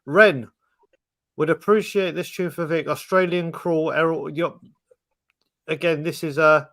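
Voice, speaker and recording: Male podcast host, animated and jokey, slightly high voice, dry sound. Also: unhurried, dry recording. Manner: animated, joking, swears. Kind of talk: casual chat.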